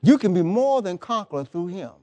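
A man's voice: high-pitched, big pitch swings, fairly quick, mellow. A man preaching a sermon as pastor, folksy and conversational, acting out dialogue with the Lord in changing voices.

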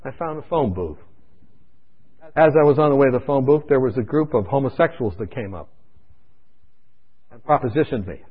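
A man preacher telling his own testimony in a sermon, dramatic and shifting from loud to hushed, in a dull lo-fi radio recording. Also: mid-range voice, expressive, moderate pace, long pauses, breathy edge. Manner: dramatic storytelling, swinging between loud and hushed.

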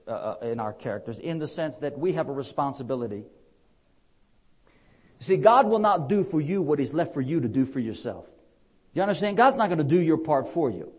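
A man's voice: on the high side, lively intonation, brisk, slightly rough. A man preaching a conversational sermon, with rising emphatic peaks and frequent fillers.

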